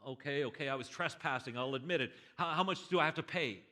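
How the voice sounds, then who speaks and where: A man voicing an indignant jailed British man who protests and pleads in loud, high outbursts. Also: fast talker, lightly acted. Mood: pleading. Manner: shouting, high-pitched outbursts.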